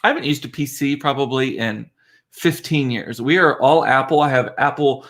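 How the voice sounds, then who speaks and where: A man's voice: medium pitch, moderate pace, a bit bright. A man hosting a casual livestream from his home computer, chatty and laughing at himself. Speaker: livestream host, father. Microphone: computer mic.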